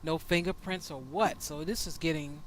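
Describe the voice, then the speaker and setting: A man's voice: a little high, normal speed, a little hiss or hum. A man co-hosting a casual chat, musing uneasily in a conversational way. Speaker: co-host.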